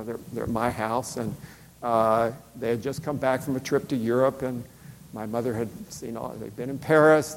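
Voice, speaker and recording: A middle-aged man with a medium-pitched voice tells a personal story casually and conversationally, using lots of fillers and short acted-out quotes. The recording has slight background noise and a long hall reverb.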